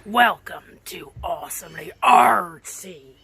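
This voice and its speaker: A woman's voice: medium pitch, takes it slowly, creaky. A woman teaching a children's art lesson with playful, theatrical pirate talk that she slips in and out of. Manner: hammy put-on pirate talk, slipping in and out of it. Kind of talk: online art lesson for kids.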